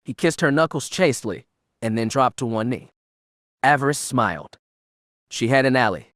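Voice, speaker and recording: A man narrates an audiobook from a script in a steady, even storytelling manner. His voice is mid-range at a moderate pace, recorded dry with studio quality.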